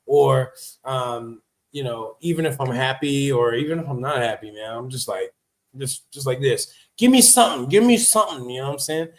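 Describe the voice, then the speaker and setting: A man's voice: medium pitch, moderate pace. A man hosting a casual livestream, talking in a chatty, emphatic way, repeating his points and reacting to notes he reads aloud. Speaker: livestream host. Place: living in Vietnam.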